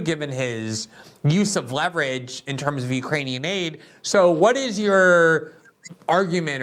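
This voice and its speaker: A man's voice: medium pitch, a bit bright. A man hosting a political show, delivering commentary in a sarcastic, mocking manner before interviewing a guest. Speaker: host.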